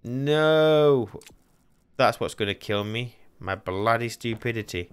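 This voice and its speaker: A young man running frantic solo commentary on a game, talking to himself and repeating words fast. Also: fairly low pitch, fairly even intonation, a bit bright, clear, resonant tone. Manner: panicky, talks to himself, repeats words rapidly. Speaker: gaming channel host.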